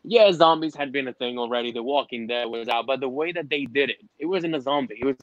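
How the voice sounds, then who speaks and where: A man hosting a casual comics podcast, excitable and quick to jump up in pitch when enthused. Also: dry recording, highs cut off. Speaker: podcast host. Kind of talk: casual chat.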